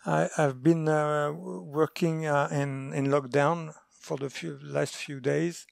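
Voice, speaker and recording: A man's voice: on the high side, steady tone, slow pace, gravelly, dry recording, clean studio sound. A middle-aged man from France, guest on a remote interview, talking hesitantly with many fillers and restarts. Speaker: guest researcher. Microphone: remote call mic.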